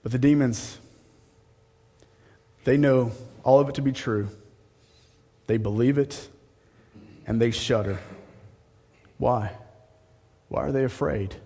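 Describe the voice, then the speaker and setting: A man preaching a sermon as a pastor, reading scripture and rising to a high, mocking voice when he turns sarcastic. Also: slow pace, gravelly, long pauses, dark tone, long reverb tail.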